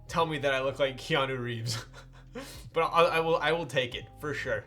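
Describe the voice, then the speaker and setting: Male streamer, slightly high voice, casual and excitable, slangy, quick to laugh, faint music behind. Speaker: streamer hosting a keyboard build stream. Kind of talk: casual live-stream chat with viewers.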